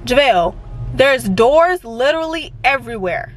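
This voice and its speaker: A sassy young woman talks into her phone camera from a car, teasing and laughing. Her voice sits high, and loud road noise hums underneath. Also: animated, normal speed. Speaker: vlogger host. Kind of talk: casual vlog chat. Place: car at an airport pickup. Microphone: handheld phone camera.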